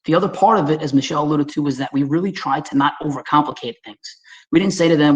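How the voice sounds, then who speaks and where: This Staten Island presenter, New York accent in full swing, chats directly with webinar viewers as he moves through his slides, lively and folksy. His voice leans high and fast, and the audio has its high frequencies cut off.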